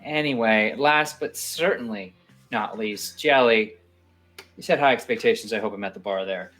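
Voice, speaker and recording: A woman's voice: a bass voice, normal speed, fairly bright tone, soft background music. A woman game master hosting a stream outro, dry and teasing.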